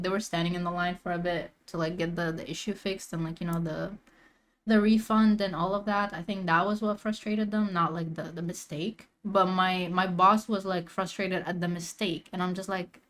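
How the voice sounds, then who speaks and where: A young woman streamer in a casual reaction rant, full of slang and filler words, swinging from low mutters to near-shouting.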